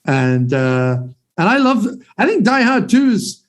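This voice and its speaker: A man's voice: sits high, very animated, takes it slowly. A man in his forties hosting a podcast, chatting enthusiastically and rambling about films with casual swearing. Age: 40s. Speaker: podcast host.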